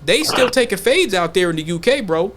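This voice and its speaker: A man hosting a podcast, talking in a loose, slangy, animated way in casual chat. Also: sits high, fairly quick, background noise. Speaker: podcast host.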